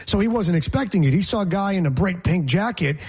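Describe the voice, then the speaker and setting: A man, a reporter, telling a story in casual chat, emphatic and animated. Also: high voice, fast, husky. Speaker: reporter guest.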